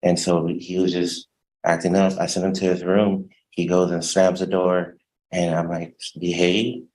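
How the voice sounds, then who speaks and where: A man testifying as a defendant in court, hesitant and soft-spoken, halting over his words. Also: low voice, monotone, low-quality recording.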